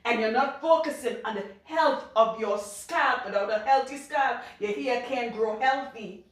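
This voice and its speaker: A woman with a Trinidadian accent, a loctician talking casually to camera, blunt and outspoken, cussing freely and laughing loudly. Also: fairly high pitch, moderate pace, distant mic. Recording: very echoey room, off-mic.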